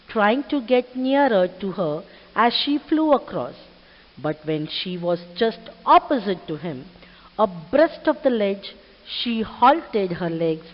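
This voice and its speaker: A woman English teacher explaining a story to her class, stopping to explain word meanings and check with students. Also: mid-range voice. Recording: dull lo-fi recording with long reverb.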